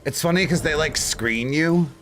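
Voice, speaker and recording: A man's voice: fairly high pitch, moderate pace, faint music behind. A man streaming live, chatting casually and telling stories with lots of swearing and frequent laughter. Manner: animated, swearing storyteller who laughs often.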